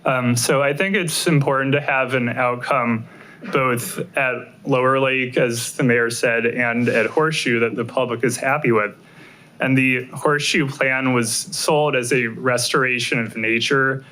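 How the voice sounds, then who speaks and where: A man giving a measured, reasoned public comment at a city council meeting at a podium microphone. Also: medium pitch, fairly even intonation, sharp tone, a little hiss or hum, rough recording. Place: council chamber.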